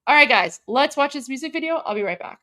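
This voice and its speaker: A woman's voice: high voice, lively intonation, fast, pushed and bright. Chatty woman livestream host. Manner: chatty, heavy use of "like" fillers; enthusiastic, gushing exclamations. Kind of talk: casual livestream chat.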